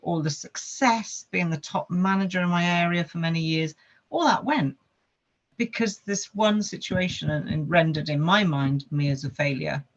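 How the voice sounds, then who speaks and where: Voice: mid-range voice, normal speed, dull audio. A podcast guest, telling a personal story in an earnest way and listing things with lots of repetition.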